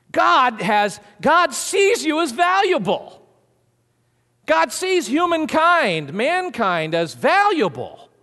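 A man preaching a sermon, animated and conversational, swinging from hushed asides to booming emphasis. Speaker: pastor. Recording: long hall reverb.

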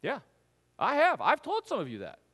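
Male pastor, high and very animated delivery, sermon in a reverberant church hall. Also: normal speed, husky. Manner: animated storytelling, acts out voices.

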